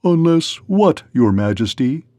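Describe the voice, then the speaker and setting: A man's voice: mid-range voice, sing-song, a little slow, mellow, no echo. A man voicing a loyal, proud gnome servant in a storybook read-aloud, speaking in an earnest, deferential way. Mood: curious.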